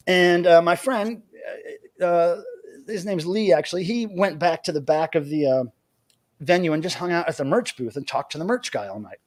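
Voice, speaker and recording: An American man hosting a livestream from home, telling a story in an animated, chatty way. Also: a little high, no room sound. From United States. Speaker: livestream host.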